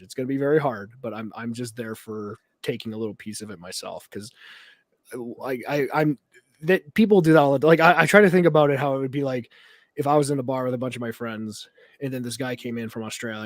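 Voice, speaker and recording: A man's voice: mid-range voice, fairly quick, dry recording. A man from Canada co-hosting a wrestling podcast, chatting casually and joking around. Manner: animated, jokey, acts out voices. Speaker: podcast co-host. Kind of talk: casual chat.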